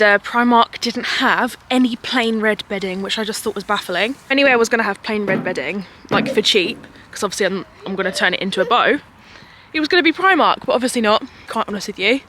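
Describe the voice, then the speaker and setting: A young woman chats casually to camera on a walk through a park, slightly out of breath. Her voice is bright and forward, and her talk rambles with frequent laughs. A faint hum of outdoor ambience sits behind her. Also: medium pitch. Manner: rambling, animated, laughs often. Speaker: vlogger and mother. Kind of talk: casual chatty vlog.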